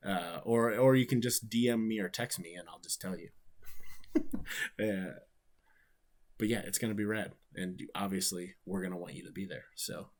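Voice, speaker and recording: A wrestler from Ohio, USA, livestreams while watching his own matches, rambling casually and answering viewer questions. He's laid-back and swears freely, talking in a deep voice at a moderate pace with long pauses.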